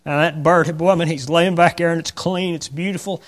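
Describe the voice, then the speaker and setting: A man with a drawl preaches, his voice pitched somewhat high. He tells the story with drama and voices each of its characters in turn. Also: fairly even intonation, normal speed. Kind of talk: sermon storytelling.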